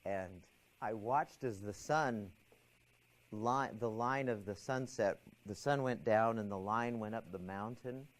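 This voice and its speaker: A man lecturing a class, telling a personal story and acting out his anxious thoughts and a calm inner voice. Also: on the low side, measured pace, rough recording.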